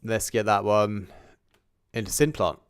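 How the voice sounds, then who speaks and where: A man's voice: fairly low pitch, fairly even intonation, a little slow, clear, resonant tone, dry recording, clean studio sound. A man livestreaming a music production session, thinking aloud in a chatty, self-correcting way and sneezing now and then. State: sneezing and coughing, a bit congested. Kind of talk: casual livestream talk while working. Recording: loud music under the voice. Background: loud electronic music playing.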